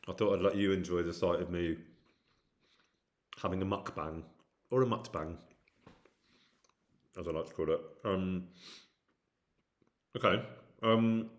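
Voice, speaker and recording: A man's voice: sits low, steady tone, a little slow, long pauses. A man from near Birmingham with a Brummie accent, casually chatting with his livestream viewers and reading out their comments in a self-deprecating way. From English Midlands, near Birmingham. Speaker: livestream host. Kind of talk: casual chat with stream viewers.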